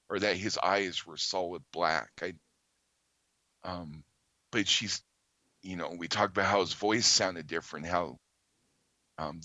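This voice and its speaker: A man, a podcast guest, earnestly telling a story in conversation, halting with many ums and restarts. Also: low voice, bright, forceful tone, dry recording, muffled recording.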